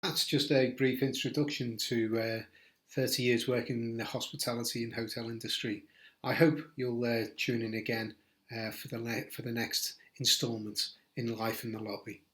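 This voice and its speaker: A man's voice: mid-range voice, level tone, moderate pace, a bit bright. Middle-aged British man telling workplace stories. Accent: British English. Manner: chatty, self-deprecating, with filler "uh"s and restarts. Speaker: podcast host recounting his career. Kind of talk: casual storytelling.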